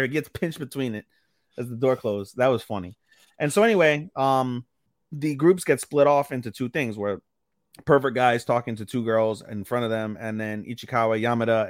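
A man's voice: mid-range voice, no echo, clean studio sound. A man co-hosting a casual anime podcast, retelling episodes with swearing and acting out characters' lines. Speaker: podcast co-host. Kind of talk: casual anime recap chat.

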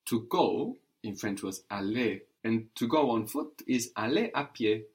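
A man's voice: on the low side, lively intonation, unhurried. A man teaching a language lesson, patiently repeating and modelling words.

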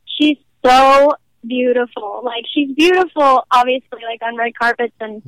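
A Southern woman from Nashville, a young actress being interviewed, chats casually in a high, fairly bright voice at a slightly slow pace. She giggles often and says "like" constantly; the rough recording has no room sound.

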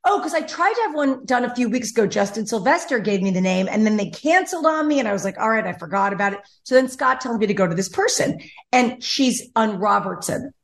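A young woman talks casually on a podcast, spinning a long, rambling story. She jumps between asides and acts out other people's lines in quick bursts. Her voice sits slightly high. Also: lively intonation, creaky. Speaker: podcast host. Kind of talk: casual chat.

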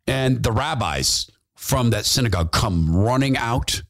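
A man's voice: mid-range voice, animated, a little slow, hardly any pauses. A man hosting a talk podcast, delivering an impassioned opinion monologue and repeating phrases for emphasis. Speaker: podcast host, former radio host.

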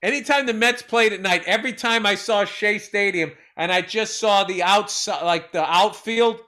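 A middle-aged man, co-hosting a casual podcast and telling animated, profane stories. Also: high-pitched, moderate pace. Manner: animated storyteller, swears freely, acts out quotes. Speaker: podcast co-host.

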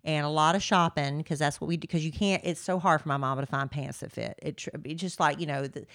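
A woman's voice: low-pitched, fairly even intonation, a bit bright, dry recording, clean studio sound. A woman, co-hosting a podcast in casual chat, telling stories and stretching out words for emphasis. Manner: chatty, storytelling, drawn-out emphasis. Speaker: podcast co-host. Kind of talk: casual chat and host-read ad.

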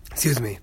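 A young man hosting a podcast, telling stories in a casual, excitable, profane way. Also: medium pitch, slightly rough. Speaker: podcast host. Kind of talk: casual monologue.

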